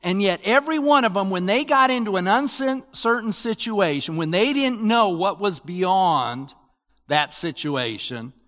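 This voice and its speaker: An older man preaches a sermon as pastor, conversational and animated, with rising emphasis. His voice is high-pitched and his pace measured, with a long reverb tail.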